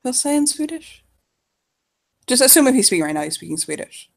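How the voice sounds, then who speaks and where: A woman's voice: high-pitched, sing-song, fairly quick, vocal fry. A woman narrating her characters in a casual role-play, swearing freely and laughing often.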